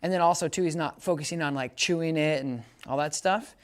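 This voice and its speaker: A man works with a dog outdoors in a hands-on training lesson, explaining casually and shouting high, upbeat praise commands. He talks fast with few pauses.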